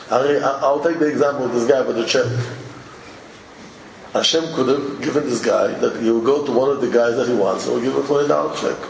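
Animated man teaching in a hall. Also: fairly high pitch, gravelly. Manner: animated, mixes Hebrew and Yiddish terms into English. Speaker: religious teacher. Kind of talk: informal Torah talk. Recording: echoey hall from far off, faint ambient noise.

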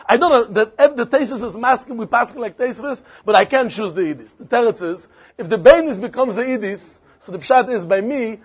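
A man with a high-pitched, husky voice teaches a Talmud lesson, repeating phrases and asking and answering his own questions. The recording is dull and lo-fi, with a faint crowd in the background.

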